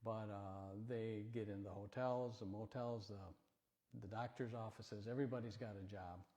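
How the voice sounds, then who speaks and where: A man visiting a church as a speaker for a Bible ministry, telling folksy stories in a rambling, gently joking way. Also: fairly low pitch, steady tone, normal speed. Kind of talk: folksy storytelling talk in church. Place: church sanctuary. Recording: long church hall reverb.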